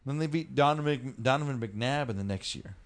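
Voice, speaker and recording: Male podcast host, mid-pitched, casual and profane, talks in loose restarts. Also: brisk. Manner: loose, profane, rambling storytelling. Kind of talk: casual chat.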